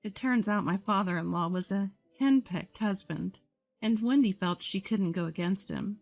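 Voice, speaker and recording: A woman narrating a first-person story in a calm, measured way. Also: mid-range voice, gravelly. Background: faint music.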